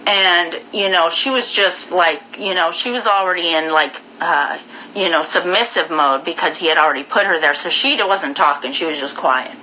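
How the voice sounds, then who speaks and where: A woman live-streaming, telling her viewers a story in a blunt, profane, animated way. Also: on the low side, moderate pace, slight background noise, poor audio.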